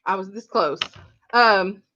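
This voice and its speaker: A woman's voice: medium pitch, slow pace, sharp tone, highs cut off. A woman hosting a casual gardening livestream, chatting animatedly with her viewers and calling them honey and y'all. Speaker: gardening channel host.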